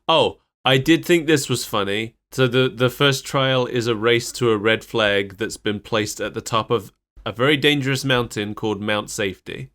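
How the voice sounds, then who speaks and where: A man's voice: medium pitch, moderate pace, fairly bright tone. A man co-hosting a podcast, recapping a cartoon episode in casual chat and laughing often. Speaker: podcast co-host.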